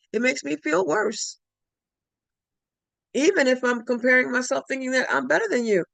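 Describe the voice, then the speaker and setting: A woman's voice: on the high side, vocal fry, a bit bright, dry recording. A woman giving a spiritual talk, emphatic and repetitive, often restarting her sentences. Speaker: spiritual speaker.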